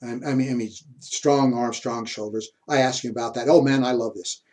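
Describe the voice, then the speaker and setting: A man's voice: mid-range voice, fairly even intonation, moderate pace, darkish tone. A man giving a university history lecture, telling personal stories in a chatty way and chuckling often. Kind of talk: classroom lecture with anecdotes.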